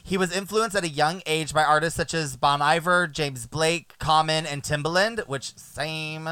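Man, podcast host, bright tense voice, higher pitch, playful casual chat. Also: moderate pace, smooth, no room sound. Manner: animated, playful, trails off quietly.

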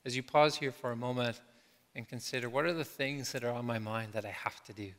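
A middle-aged man preaching a sermon as a pastor, reflective, slowing down and letting his phrases trail off softly. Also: medium pitch, fairly even intonation. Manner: reflective, slow with soft trailing endings. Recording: long hall reverb.

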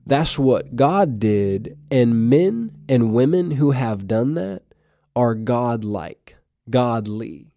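A man giving a short devotional podcast talk, halting with fillers and restarts, reading scripture aloud. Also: mid-range voice, animated, warm tone, dry recording, clean studio sound. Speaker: podcast preacher.

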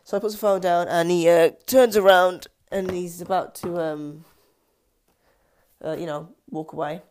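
A woman's voice: lowish voice, steady tone, unhurried, darkish tone. A woman casually retelling a film's plot, hesitant, with many ums and restarts. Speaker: film discussion vlogger.

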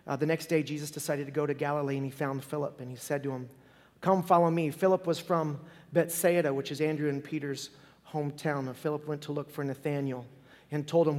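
A man's voice: a little high, darkish tone, long reverb tail. A man preaching a sermon as pastor, conversational and joking as he retells the story.

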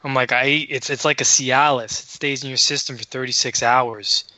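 Animated man telling a story, bright voice. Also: mid-range voice, normal speed, no room sound. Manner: animated, profane, acts out dialogue. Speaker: podcast co-host. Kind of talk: casual storytelling.

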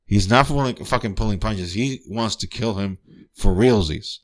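A man's voice: fairly low pitch, normal speed. A man hosting a podcast and reviewing a film in loose, profane chat, full of fillers and restarts. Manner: laughs often, enthusiastic. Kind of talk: casual spoken review.

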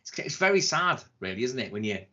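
An excitable man talks in a casual podcast chat, his pitch leaping up and down as he rambles and restarts. His voice has a bright, forward edge. The recording sounds dull and lo-fi. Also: fast talker, husky. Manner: enthusiastic, swearing, rambling with restarts. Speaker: podcast co-host.

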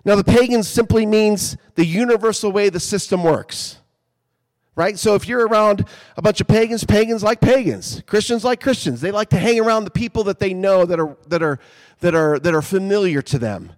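Male pastor, slightly high voice, casual sermon delivery with emphatic swells. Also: normal speed. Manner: conversational, builds to emphatic peaks.

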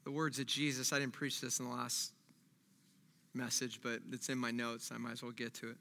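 A man preaching a sermon as pastor, moving between quiet reflection and loud animated preaching. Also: medium pitch, a little fast. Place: church. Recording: long reverb of a large hall.

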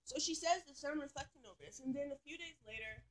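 A woman's voice: sits high, quick pace. A woman telling a story in a casual, rambling rant, full of fillers and swearing. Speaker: vlogger.

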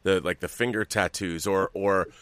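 A man hosts a podcast, putting long, curious questions to his guest. His voice is low, and the sound is dry with no room echo around it. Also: steady tone, normal speed, fairly bright tone, clear, resonant tone. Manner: curious, searching for words. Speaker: podcast host. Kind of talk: interview questions.

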